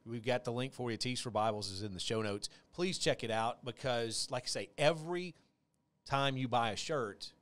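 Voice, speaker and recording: A man's voice: medium pitch, normal speed, a bit bright. Casual chatty man co-hosting a podcast. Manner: rambling, self-deprecating, joking. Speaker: podcast co-host. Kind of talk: casual chat.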